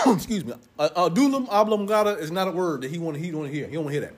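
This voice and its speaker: A young man preaching a sermon to his congregation, loud and playful, joking with them as he goes. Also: high-pitched, wildly swooping pitch, quick pace, breathy edge. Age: young adult.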